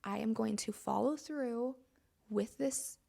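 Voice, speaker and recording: Gravelly-voiced woman giving an upbeat pep talk. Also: on the high side, slow, mellow. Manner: chatty, emphatic, heavy use of "like". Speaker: podcast host. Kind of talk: casual motivational monologue.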